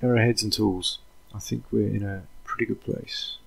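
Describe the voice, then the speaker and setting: A man giving casual, thinking-aloud commentary while playing a video game, drifting into relaxed, rambling asides. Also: fairly low pitch, normal speed, vocal fry, husky. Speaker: let's play host.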